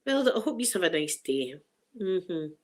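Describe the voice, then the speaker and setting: A middle-aged woman with a Glaswegian accent, chatting casually to her viewers in a rambling, laughing way, her voice starting to go hoarse. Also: lowish voice, big pitch swings, a little slow, darkish tone, low-quality recording. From Scotland. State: voice going hoarse. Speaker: vlogger.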